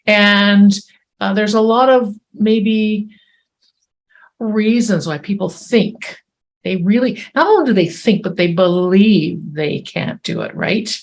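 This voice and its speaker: A woman's voice: medium pitch, slow pace. Woman host asking probing questions. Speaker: interview host. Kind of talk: conversational interview.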